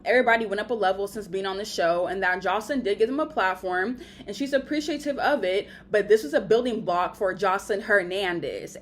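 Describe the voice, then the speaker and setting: A young woman giving a blunt, profane, animated recap of a reality show reunion. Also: medium pitch, a little hiss or hum. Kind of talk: casual recap commentary.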